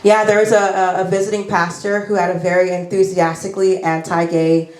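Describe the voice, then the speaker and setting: A woman's voice: lowish voice, little pitch movement, fairly quick, a little mellow, roomy sound. A woman performing a stand-up comedy set on a lapel mic, rambling and self-deprecating with many fillers.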